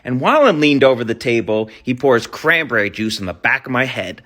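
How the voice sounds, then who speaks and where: A man who once waited tables in nightclubs, telling a story in a dry, deliberate way. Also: mid-range voice, very animated, a bit bright. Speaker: former nightclub server. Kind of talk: casual storytelling.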